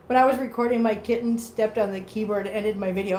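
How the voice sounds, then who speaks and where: Woman streamer, higher-pitched, chatty, coos at her cats in a home room. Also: a little fast. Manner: baby-talk to cats, chatty with viewers. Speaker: host of a cat-care livestream. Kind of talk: casual livestream chat.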